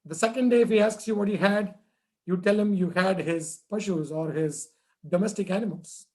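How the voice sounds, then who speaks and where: A man voicing a kind disembodied voice from the heavens that gently gives instructions. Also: sits high, moderate pace, close to an everyday voice. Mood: gentle.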